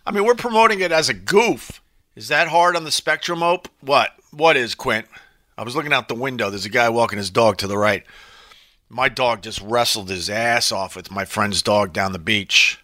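A man hosts a live stream in an offhand, rambling chat, swearing freely as he answers viewer comments. His voice is strikingly bright and forceful. It sounds dry and close, with no room sound. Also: mid-range voice, a little fast, dry recording. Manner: loose and profane, with rambling asides.

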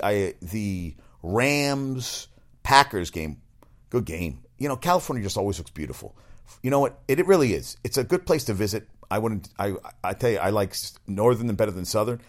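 A man with a very low, deep voice hosts a loose talk segment. He rambles in a blunt, opinionated way, often restarting his sentences and swearing freely. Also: a little mellow. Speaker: show host. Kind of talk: casual chat.

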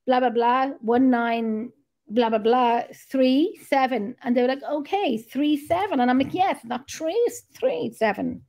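High-voiced Irish woman, chatty. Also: measured pace, a little mellow. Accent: Irish, from the south (Drogheda area). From Ireland. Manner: chatty, laughing, swears casually. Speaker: podcast co-host. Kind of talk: casual chat.

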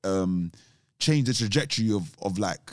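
A man's voice: on the low side, expressive, normal speed, no room sound, studio quality. A man chatting casually, rambling and restarting sentences, saying "th" like "t". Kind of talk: casual chat.

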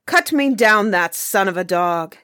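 A woman's voice: fairly low pitch, slow, a bit bright, dry recording. Wrathful, imperious nobleman barking orders , read by a woman storyteller, dry close sound. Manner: angry, imperious outbursts. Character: wrathful, commanding male nobleman.

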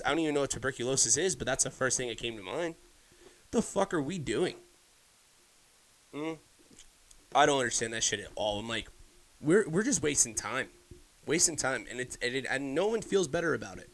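A man's voice: mid-range voice, expressive, fairly quick, pauses often, a bit bright. Young man, podcast host, casual solo rant, heated, profane, frequent restarts.

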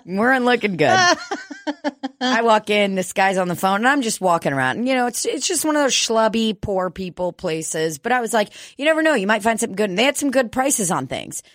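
A woman's voice: medium pitch, animated, moderate pace, dry recording, studio quality. A woman host telling a comedic story in casual, profane talk, laughing often and acting out quotes.

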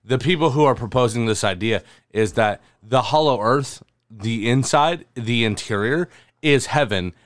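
A man's voice: medium pitch, moderate pace, dry recording, clean studio sound. A man co-hosting a comedy podcast, reacting with exasperated disbelief and frequent swearing. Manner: exasperated, incredulous, swearing, bursts into loud laughing protests. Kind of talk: casual comedic podcast chat.

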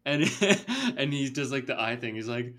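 A man's voice: medium pitch, big pitch swings, unhurried, pushed and bright. A young man hosting a casual movie podcast, chatty and rambling, with lots of fillers and laughter. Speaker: podcast host. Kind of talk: casual chat.

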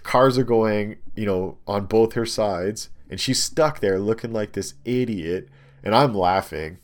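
Casual storyteller: young guy, lowish voice, animated and rambling with lots of filler words. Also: measured pace. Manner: rambling, animated storytelling with many ums and likes. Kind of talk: casual chat, telling a story.

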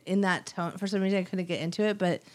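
A woman's voice: fairly low pitch, steady tone, fast, darkish tone. A woman co-hosting a casual chat, laughing often and swearing freely. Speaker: podcast co-host.

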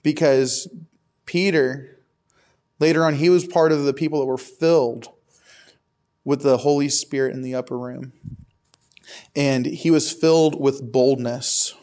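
A man's voice: medium pitch, steady tone, a little slow, pauses often, a little mellow. A young man preaching a casual, conversational sermon to a youth group, with frequent asides to the crowd. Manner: casual, repetitive "I can tell you" asides to the crowd.

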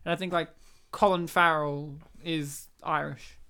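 A woman's voice: low-pitched, fairly even intonation, a little slow, a bit bright, clear, resonant tone. Chatty woman, rambling and laughing. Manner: rambling, laughs often mid-sentence. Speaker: podcast co-host. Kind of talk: casual chat.

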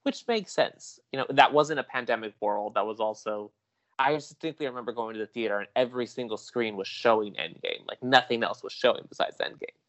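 A man with a mid-range voice talks as a podcast guest, chatty and excitable. He rambles through his points, often restarting his sentences as he goes. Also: mid-range voice, a little fast, muffled recording. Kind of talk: casual chat.

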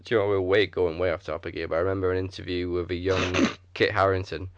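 A man's voice: deep voice, little pitch movement, quick pace, dry recording, lo-fi sound. A man with a Wrexham accent chatting casually on a podcast and telling stories with a laugh. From Wales. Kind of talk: casual chat.

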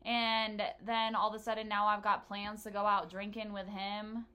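A woman's voice: mid-range voice, flat delivery, moderate pace, pushed and bright, smooth. A woman in her early thirties co-hosting a podcast, telling stories in loose casual chat with lots of laughing and swearing. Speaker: podcast co-host.

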